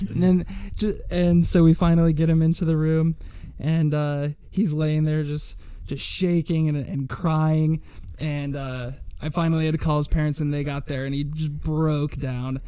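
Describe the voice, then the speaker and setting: A man's voice: a little high, level tone, measured pace, dark tone, clean tone, no room sound. A young man co-hosting a podcast, telling a story in a rambling casual way with repeated words and frequent laughs. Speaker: podcast co-host.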